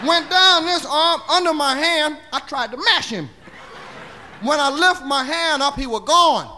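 A man's voice: very high-pitched, expressive, measured pace, sharp tone, a little hiss or hum. A man telling a long profane comic story, rowdy and laughing as he acts it out. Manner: rowdy, laughing as he talks, acting out the scene. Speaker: comedian.

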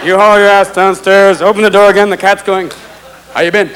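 A man doing a profane stand-up routine, jumping into high voices for animals. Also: little pitch movement, fairly quick. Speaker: stand-up comedian. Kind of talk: stand-up routine before a live audience. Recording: live club recording with crowd noise.

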